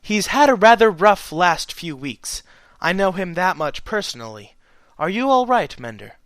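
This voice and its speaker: A man voicing a tall royal mare who speaks gently and calmly, in a measured, stately way. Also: high voice, clear, resonant tone, dry recording, pitched above the performer's own voice. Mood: concerned, gentle.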